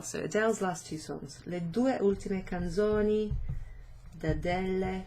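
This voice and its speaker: A woman's voice: mid-range voice, measured pace, dark tone, a little hiss or hum. A woman teaching a chatty, self-deprecating online language lesson, often asking learners questions.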